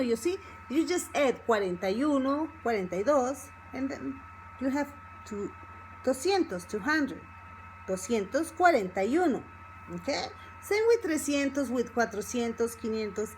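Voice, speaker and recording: A woman with a Mexican Spanish accent leads a language lesson in a high, lively voice. She speaks slowly and patiently, repeating examples. A faint hum sits behind her. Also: poor audio. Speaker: Spanish teacher.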